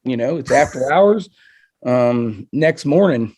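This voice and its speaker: A man, a target setter, telling a story in a relaxed, animated way and acting out quotes. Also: mid-range voice, a little slow, husky. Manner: animated, acts out quotes with laughs. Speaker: target setter, podcast guest. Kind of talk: casual storytelling.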